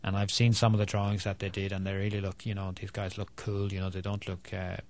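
An Irish man, a children's author, chatting in an interview, self-deprecating and quick to laugh. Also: low voice, monotone. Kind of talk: casual interview chat.

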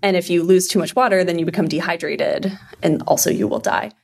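A woman's voice: fairly low pitch, fairly quick, creaky, darkish tone. A woman biologist in her thirties giving casual interview answers, sprinkled with fillers. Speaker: evolutionary biologist.

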